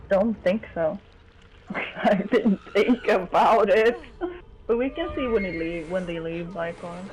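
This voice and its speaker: A man's voice: high voice, slow pace, rough recording. A man co-commentating a speedrun live, friendly and giggly, explaining the game. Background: music.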